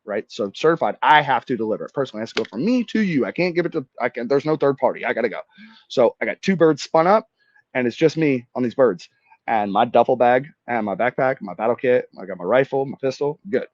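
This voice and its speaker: With a mid-range voice and a fast delivery, a thirty-something veteran from Florida tells stories in a casual podcast interview, swearing freely and performing the dialogue. The recording comes from a dry, slightly dull mic without room sound.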